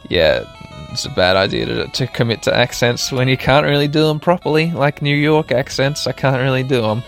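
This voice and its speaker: A man's voice: mid-range voice, fairly quick, vocal fry. Man, podcast host, casual let's-play commentary, chatty, self-mocking, laughs a lot, faint music behind. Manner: chatty, self-mocking, talks to listeners directly, laughs often. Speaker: podcast host playing a video game.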